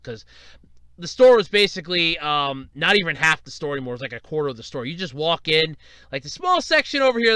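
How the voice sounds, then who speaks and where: Animated, high-voiced rambling podcast host. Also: male voice, smooth, dry recording. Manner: rambling, profane, animated storytelling. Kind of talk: casual solo podcast rant.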